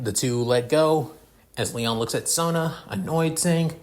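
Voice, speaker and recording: A man's voice: fairly high pitch, measured pace. Male narrator, rambling, filler words, casual cursing, fan story reading.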